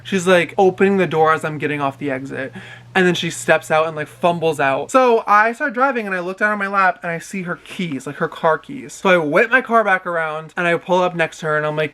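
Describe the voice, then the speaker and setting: A young man telling a story to camera in a vivid, dramatic way. His voice is high and bright, with a sharp edge. He keeps slipping into the voices of the people in his story. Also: a little fast. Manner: animated, dramatic storytelling with many quoted voices. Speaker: vlogger. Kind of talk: storytime vlog.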